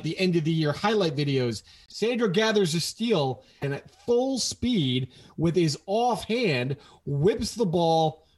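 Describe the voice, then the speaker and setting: Animated male sports podcast co-host. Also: fairly high pitch. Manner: animated play-by-play retelling. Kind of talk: casual sports podcast chat.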